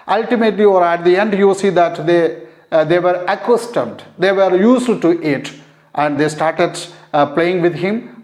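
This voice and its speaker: A man with a somewhat high voice teaches an English lesson in an echoing room. He walks through the text line by line, stopping to explain word meanings plainly. His speech is full of "you see that" and hesitant pauses. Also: a little mellow. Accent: Indian English. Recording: echoey room.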